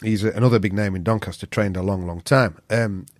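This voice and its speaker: A man's voice: fairly low pitch, fairly quick, no echo, studio quality. Blunt, swearing Yorkshire man telling stories. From England. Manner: profane, blunt, animated storyteller. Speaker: guest. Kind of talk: casual storytelling chat.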